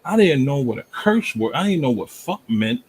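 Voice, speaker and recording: A man from Jamaica arguing forcefully in a heated online debate, pushing through interruptions. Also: medium pitch, sing-song, moderate pace, slight background noise, poor audio. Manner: forceful, repeatedly talks over interruptions.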